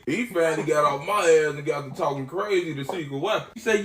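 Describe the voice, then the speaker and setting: A man tells a long, crude story for a podcast in loose, slangy speech. His voice sits high, and he acts out the quotes with lots of energy. The room gives his voice a clear echo. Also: quick pace, hardly any pauses, a bit bright, slight background noise. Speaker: podcast co-host telling a story.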